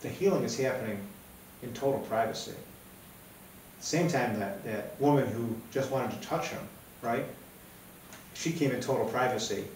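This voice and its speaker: A man's voice: mid-range voice, moderate pace, long pauses, a little hiss or hum. Echoey man preaching from afar. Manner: conversational, keeps asking "right?". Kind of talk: sermon. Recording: very echoey room, mic far off.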